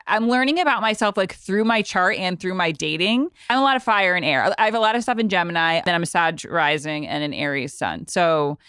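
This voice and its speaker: A woman's voice: lowish voice, lively intonation, fairly quick, few pauses, a bit bright, clear, resonant tone, no echo, studio quality. A woman hosting a podcast in casual chat, talking loosely and filling her speech with "like". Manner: chatty, fills talk with "like". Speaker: podcast host.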